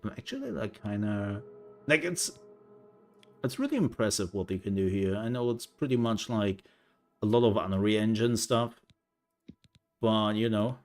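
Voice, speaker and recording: A man's voice: fairly low pitch, lively intonation, moderate pace, long pauses, faint music behind. A young man giving casual, playful let's-play commentary, rambling through jokey reactions as he plays. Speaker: gameplay streamer.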